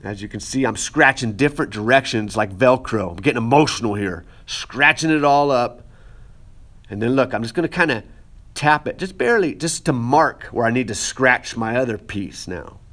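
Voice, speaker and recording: A man's voice: mid-range voice, lively intonation, normal speed, fairly bright tone. A man teaching pottery, casually talking the viewer through each step of shaping clay, with playful asides to his students. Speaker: art teacher.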